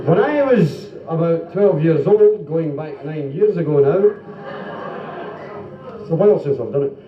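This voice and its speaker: Scottish stand-up comic, man, high lively delivery, heard from a distance in a dull old live club recording. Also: a little slow, roomy sound, slight background noise. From Scotland. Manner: jokey, lively storytelling with sung bits and self-interrupting laughter. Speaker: stand-up comedian. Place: club stage before an audience.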